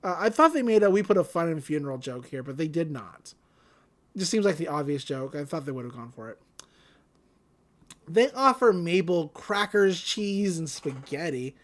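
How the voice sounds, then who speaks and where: A woman co-hosting a podcast, casually recapping a cartoon episode in an animated way with many fillers. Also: low voice, normal speed. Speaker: podcast co-host.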